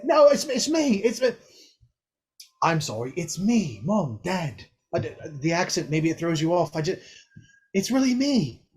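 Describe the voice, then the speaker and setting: A man voicing a young female high elf who chatters in a flustered, rambling way. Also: big pitch swings, unhurried, darkish tone. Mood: pleading.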